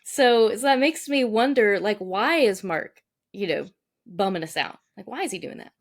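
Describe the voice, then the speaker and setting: A woman co-hosting a Bible lesson, talking in a relaxed, conversational way and summing up points. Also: medium pitch, normal speed. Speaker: Bible teaching co-host. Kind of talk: casual teaching discussion.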